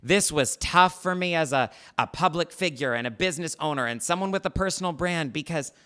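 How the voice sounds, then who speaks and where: A man giving an online sermon, slow and emphatic, repeating his key phrases. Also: fairly high pitch, pushed and bright, clean tone. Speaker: preacher and faith teacher.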